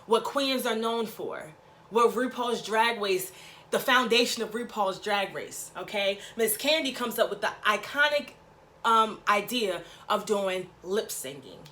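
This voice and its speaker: A woman's voice: mid-range voice, expressive, measured pace, bright, forceful tone. Sassy, chatty woman vlogger. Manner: sassy, chatty, says "okay?" often. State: out of breath. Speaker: YouTube vlogger. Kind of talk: casual TV recap vlog.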